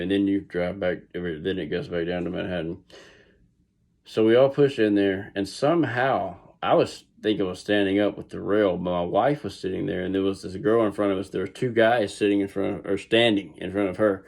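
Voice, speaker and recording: A man's voice: low-pitched, vocal fry, a little mellow. A middle-aged man with a Southern US accent tells a story casually, rambling with restarts and asides. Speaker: vlogger.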